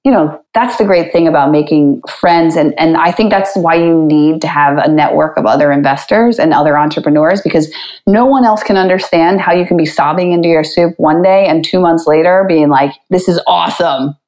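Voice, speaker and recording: A woman guest on a podcast telling her story in a candid, chatty way, with quick asides and frequent laughter. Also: low voice, a little mellow, low-quality recording. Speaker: podcast guest, real estate investor.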